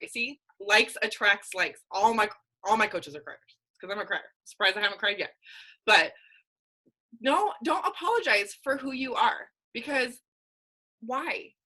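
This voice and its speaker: Young adult female fitness coach, casual and emphatic motivational speaker, crisp bright tone. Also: on the high side, expressive, normal speed, low-quality recording. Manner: candid, emphatic, casual slang. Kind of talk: motivational team call talk.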